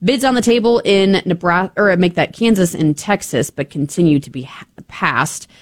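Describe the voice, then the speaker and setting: A low-pitched woman reads a radio farm market report in a brisk, businesslike way. She rattles off livestock prices and numbers in quick lists. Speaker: farm market news anchor.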